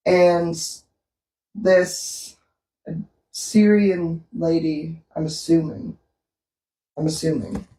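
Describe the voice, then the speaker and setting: A woman's voice: sits low, very slow, pauses often, warm tone. A woman from Canada co-hosting a vlog, telling a story in casual chat and laughing often. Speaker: vlog co-host. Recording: roomy echo, distant from the mic.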